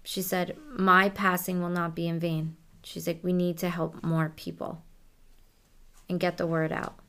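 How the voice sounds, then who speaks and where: A woman working as a psychic medium, softly relaying messages during a reading in a casual, conversational way. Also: fairly low pitch, flat delivery, unhurried, smooth.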